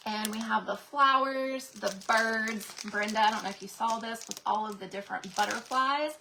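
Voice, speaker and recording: A woman's voice: fairly high pitch, normal speed, gravelly, noisy background. A woman hosting a craft livestream, chatting and gushing to viewers, her voice cracking from a sinus infection. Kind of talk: casual livestream chat to viewers.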